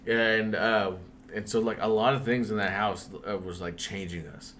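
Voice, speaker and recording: A man's voice: on the low side, flat delivery, moderate pace, fairly bright tone. A young man casually telling a spooky story on a podcast, swearing often and breaking into laughs.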